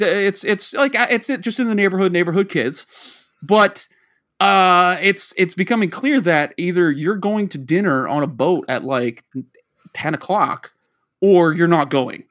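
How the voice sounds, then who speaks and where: Unhurried and high-pitched, with a fairly bright tone, a Boston-area man tells a long, wandering story on the podcast he co-hosts. He voices the quoted dialogue as he goes, keeping it casual.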